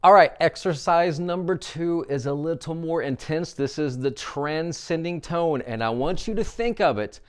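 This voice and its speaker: A man coaching vocal exercises, guiding listeners through a warmup with upbeat instructions. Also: a little high, normal speed, hardly any pauses, clear, resonant tone.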